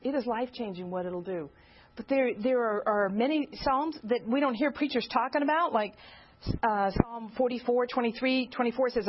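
A woman's voice: a little high, moderate pace, highs cut off, a little hiss or hum. A woman giving an informal teaching talk at a church gathering, earnestly asking the listeners direct questions.

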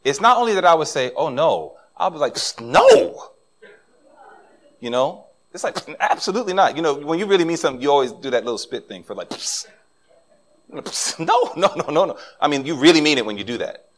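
A man's voice: on the high side, fast. A middle-aged man preaching a sermon as a pastor, talking to the congregation and acting out the voices of people he quotes. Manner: animated, acts out quoted voices.

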